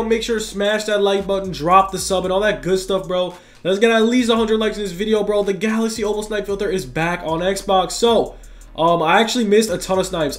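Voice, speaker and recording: A young man with a cold, talking fast and casually over his gameplay and saying "bro" a lot. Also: high-pitched. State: has a cold, sounds tired. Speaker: gaming YouTuber.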